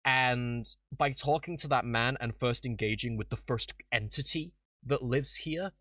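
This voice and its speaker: A man's voice: mid-range voice, unhurried, pushed and bright, no room sound, studio quality, distant mic. Man talking editing, set back from mic. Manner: chatty, explains his editing at length. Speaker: video creator and stream host. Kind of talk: casual behind-the-scenes commentary.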